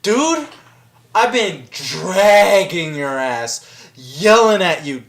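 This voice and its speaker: A woman's voice: fairly low pitch, sing-song, very slow. A woman co-hosting a casual podcast, ranting with lots of swearing and acting out characters. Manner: profane, ranting, acts out characters. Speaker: podcast co-host.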